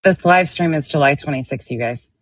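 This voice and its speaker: A woman's voice: sits low, fairly quick, slight background noise. A woman, the channel's owner, reacting to clips of other streamers with sarcastic, defensive asides. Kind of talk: reaction commentary.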